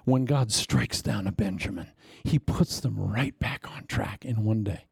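Male pastor, blunt, teasing sermon delivery, gravelly tone, dry close sound. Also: fairly low pitch, unhurried, no room sound. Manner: blunt, teasing, with sudden loud bursts and hushed asides.

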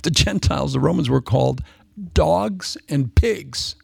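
A man preaching a lively sermon, playful and joking, slipping into voices for asides. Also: a little high, a little slow, creaky, slightly rough, no echo, studio quality.

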